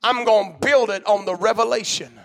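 A male preacher delivering a fiery church sermon, swinging from shouted bursts to low murmurs in a call-and-response cadence. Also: normal speed, vocal fry.

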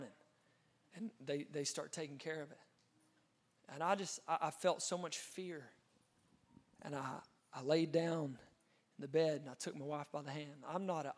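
A man, a pastor telling an earnest, dramatic testimony in a sermon, with frequent restarts. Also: a little high. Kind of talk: storytelling sermon.

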